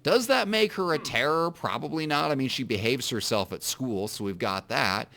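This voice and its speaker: A man's voice: medium pitch, expressive, moderate pace, creaky, bright, forceful tone. A man co-hosting a podcast in casual chat, rambling and self-deprecating, often restarting his sentences. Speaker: podcast co-host.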